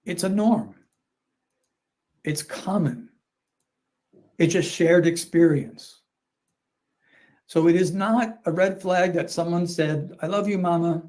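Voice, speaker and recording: An older man explains in a measured, lecturing way, with a voice a little higher than most men's. He comes back to his main points again and again. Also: darkish tone. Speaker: commentator on video. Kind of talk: explanatory commentary.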